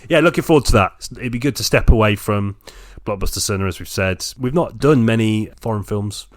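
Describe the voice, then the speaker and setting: A man's voice: lowish voice, a little fast. A young adult man co-hosting a film podcast, blunt and casual, swearing offhandedly as he leads the wrap-up. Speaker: podcast co-host.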